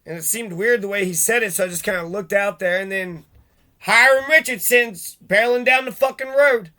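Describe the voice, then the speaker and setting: A man's voice: high-pitched, normal speed, bright, forceful tone. A middle-aged man delivering an angry, profane vlog rant full of rhetorical questions. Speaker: vlogger. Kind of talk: angry ranting monologue.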